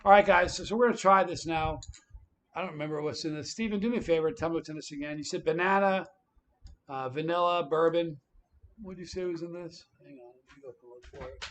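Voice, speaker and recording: A man hosting a livestream, telling a story in a lively, casual way. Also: on the high side, fast, slight background noise. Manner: animated, tells stories with quoted voices. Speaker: livestream host.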